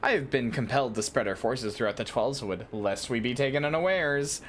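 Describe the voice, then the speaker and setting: A woman's voice: extremely low pitch, fairly quick, a little hiss or hum. Woman reading as a stern, formal male elf commander. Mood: formal, earnest. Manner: reads stiff, formal lines aloud, stumbling and correcting himself.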